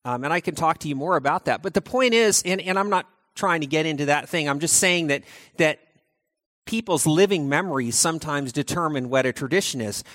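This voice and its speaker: A male pastor preaches in a loose, conversational way. His voice sits high and leaps up and down as he explains, doubling back and restarting his sentences. The sound is close and dry, with no room around it. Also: brisk, no echo. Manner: animated, chatty preaching with frequent restarts. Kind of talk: conversational sermon.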